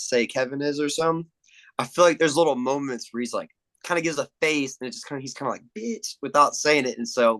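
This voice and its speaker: A man's voice: medium pitch, sharp tone, low-quality recording. A young man in casual podcast chat, swearing freely and acting out movie lines. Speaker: podcast guest.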